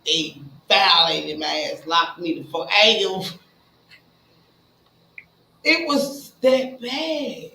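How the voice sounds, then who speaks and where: A woman telling her own story in a casual, blunt and profane way, talking straight to her listeners and jumping between hushed asides and loud bursts. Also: lowish voice, slow, long pauses, slight background noise. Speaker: speaker sharing a recovery story. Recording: roomy echo with faint ambience.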